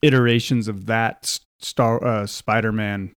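A man's voice: on the low side, steady tone, measured pace, clean tone, dry recording. A man co-hosting a podcast, chatting casually about faith and telling short stories with dry humor. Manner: conversational, anecdotal, dry humor. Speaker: podcast co-host. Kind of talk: casual religious discussion.

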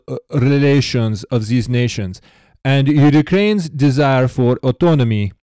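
Man doing a mock Russian accent, earnest and formal, hint of Dracula, mellow tone, dry sound. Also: medium pitch, no room sound, close to an everyday voice. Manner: thick put-on Russian accent, a bit Dracula-like. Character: earnest Russian man explaining history in a written reply. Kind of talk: podcast read-aloud in a put-on voice.

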